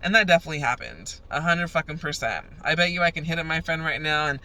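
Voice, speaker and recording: A woman's voice: sits low, expressive, quick pace, sharp tone. A young woman vlogging in a profane, fired-up rant as she tells a story. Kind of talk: ranting casual vlog.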